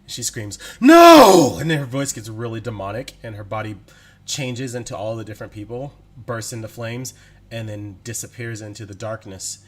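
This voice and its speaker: A man narrating as game master in a tabletop game, in a slow, deliberate way with frequent laughs. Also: lowish voice, fairly even intonation, a little hiss or hum.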